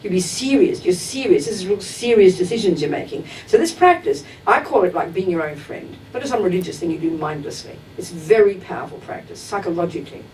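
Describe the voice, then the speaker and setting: A woman's voice: animated, a little fast, few pauses, a little mellow. Emphatic woman teaching, heard from afar. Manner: direct and emphatic, acts out everyday examples. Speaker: Buddhist teacher. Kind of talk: dharma talk to a class. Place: teaching hall at a Buddhist center. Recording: distant mic with faint rumble.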